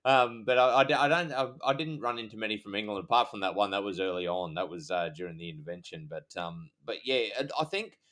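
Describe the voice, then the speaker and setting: A man's voice: on the low side, fast talker, few pauses, a bit bright. An Australian man co-hosting a podcast, a police officer chatting hesitantly with many ums. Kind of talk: casual chat.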